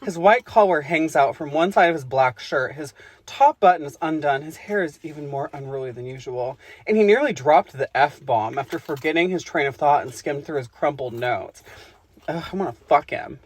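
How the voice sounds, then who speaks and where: A woman's voice: deep voice, animated, normal speed, breathy edge. A woman co-hosting a podcast, reading erotic fiction aloud with crude, giggly asides and frequent self-interruptions. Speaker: podcast co-host.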